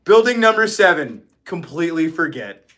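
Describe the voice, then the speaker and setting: A man's voice: a little high, sing-song, moderate pace, fairly bright tone. A man hosting a casual livestream chat, ranting with lots of swearing and laughing often. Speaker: livestream host.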